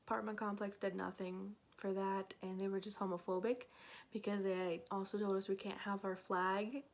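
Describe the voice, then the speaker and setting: A woman's voice: mid-range voice, little pitch movement, normal speed. A woman at home telling a personal story in casual storytime chat, with many filler words, acting out what she said back then. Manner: chatty, many "like" fillers, acts out her own past lines. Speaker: storyteller vlogger.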